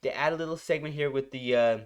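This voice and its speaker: A man's voice: a little high, quick pace, clean tone. A man hosting a reaction channel, rambling casually, repeating phrases and searching for words as he reviews a song. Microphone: headphones.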